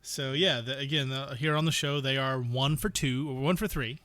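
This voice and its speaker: Bright-voiced man, dry movie podcast host. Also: mid-range voice, normal speed. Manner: dry, sardonic, reads off film credits. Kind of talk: casual movie review chat.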